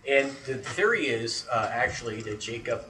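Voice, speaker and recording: Casting: a man spinning a spooky yarn, bright voice, lively and theatrical, a bit off-mic in a roomy space. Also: mid-range voice, normal speed. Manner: animated, acts out scenes with sound effects, checks in with "right?". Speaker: storyteller. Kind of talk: casual spoken storytelling. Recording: roomy echo, distant mic, faint background noise.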